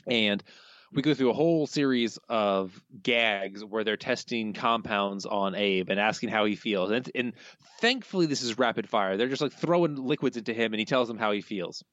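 A man's voice: on the low side, animated, moderate pace, a bit bright, no room sound. Dry, sardonic male podcast co-host. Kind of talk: casual podcast discussion. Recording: dull, lo-fi dry sound.

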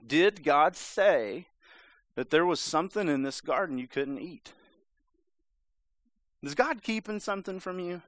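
A man's voice: sits high, lively intonation, moderate pace, long pauses, a bit bright, no room sound. A man preaching a sermon in a conversational, emphatic way, sometimes acting out voices. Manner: conversational, emphatic, acts out the serpent's lines.

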